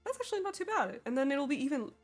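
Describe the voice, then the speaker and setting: A young woman with an American accent, chatting with her live-stream audience while she draws, bubbly and quick to laugh. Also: high-pitched, big pitch swings, soft background music. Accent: General American. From Sweden. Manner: bubbly, giggly, reads chat aloud. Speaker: artist streamer.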